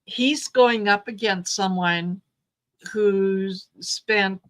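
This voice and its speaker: A woman's voice: medium pitch, drawn-out words, a bit bright. A woman who reads tarot, a guest on a casual livestream chat, who speaks unhurriedly and repeats words as she thinks.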